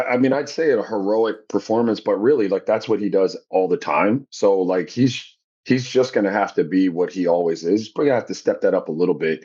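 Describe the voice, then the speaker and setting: Man, very deep voice, sleepy, laid-back, muffled lo-fi call. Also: a little mellow. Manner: laid-back, blunt, swearing. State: sleepy, struggling to stay awake. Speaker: podcast co-host. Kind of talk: casual chat.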